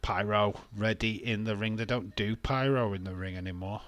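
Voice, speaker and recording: A man's voice: fairly low pitch, fairly even intonation, moderate pace, a bit bright, no room sound. A British man hosting a wrestling watch-along stream, reading chat aloud, laughing often and arguing playfully, with some swearing. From Britain. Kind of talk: casual live-stream chat.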